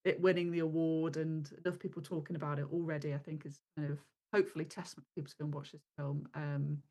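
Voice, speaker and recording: A woman reviewing films as a guest in a casual chat, measured and full of fillers and hedging phrases. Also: low voice, little pitch movement, dark tone.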